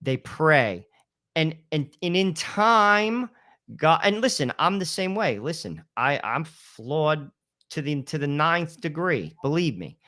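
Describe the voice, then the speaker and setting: A man's voice: a little high, sing-song, slow pace, bright, forceful tone. A man in his fifties co-hosting a podcast, talking casually and emphatically about faith, often repeating "listen" and "you know". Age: 50s. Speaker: podcast co-host. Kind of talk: casual religious talk.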